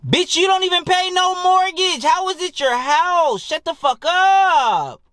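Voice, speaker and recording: A man voicing a furious wife who catches her husband, shrieking and cursing at him in a high put-on voice. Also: measured pace, a bit bright, no room sound. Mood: enraged. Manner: screeching, profane, scolding.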